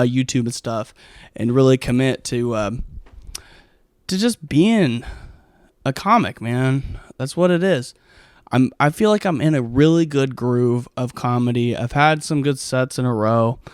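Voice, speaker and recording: A man's voice: medium pitch, clear, resonant tone, no echo, clean studio sound. A man, a stand-up comic, telling stories in a casual, rambling monologue full of swearing and fillers. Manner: rambling, profane, heavy with fillers.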